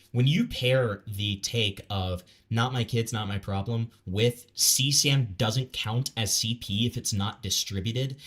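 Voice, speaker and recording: A man's voice: fairly low pitch, a bit bright. A man streaming a casual reaction, rambling with lots of fillers and stammered restarts, blunt and profane. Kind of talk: casual live reaction commentary.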